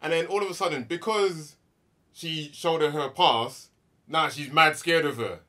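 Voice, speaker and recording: Chatty young man, bright voice. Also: fairly high pitch, a little slow. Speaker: podcast co-host. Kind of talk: casual movie review chat.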